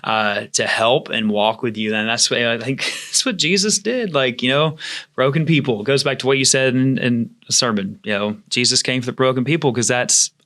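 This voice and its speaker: Bright-voiced halting male podcast host. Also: medium pitch. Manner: halting, with frequent fillers and restarts. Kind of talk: casual podcast chat.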